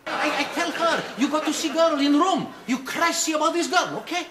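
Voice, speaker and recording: An actor playing a bumbling young male hotel waiter with a Spanish accent, speaking excitable broken English in a sitcom clip. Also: extremely high pitch, a little fast, background noise. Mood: excited. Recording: roomy sitcom clip with loud audience laughter.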